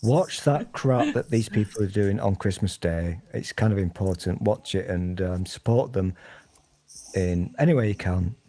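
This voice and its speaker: A man's voice: on the low side, lively intonation, normal speed, dark tone. A man with a British accent, talking in a rambling, jokey, crude way in a casual group chat.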